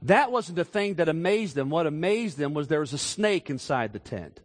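A fairly high-voiced man delivers a sermon in a large reverberant sanctuary. He tells stories in a soft, low voice, then rises into loud, emphatic declarations. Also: sing-song, normal speed. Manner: preaching with swings from quiet storytelling to raised, emphatic calls. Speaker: preacher. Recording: long hall reverb.

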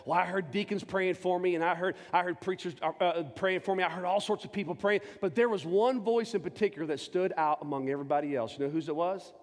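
A man in his forties, a pastor, giving an impassioned personal testimony from the pulpit, swinging between loud and hushed. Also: high-pitched, steady tone, fast talker, hardly any pauses. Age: 40s. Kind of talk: sermon. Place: church sanctuary. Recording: long church reverb with faint music.

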